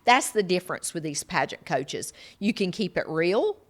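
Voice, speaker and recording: A woman's voice: fairly low pitch, very animated, normal speed. A middle-aged woman with a Georgia Southern accent, co-hosting a casual chat in an emphatic, affirming way. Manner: emphatic, affirming, often interjects "right". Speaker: podcast co-host.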